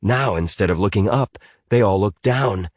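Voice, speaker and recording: A man reading a thriller audiobook in an expressive, dramatic way. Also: lowish voice, moderate pace, no room sound, studio quality. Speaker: audiobook narrator. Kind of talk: scripted audiobook narration.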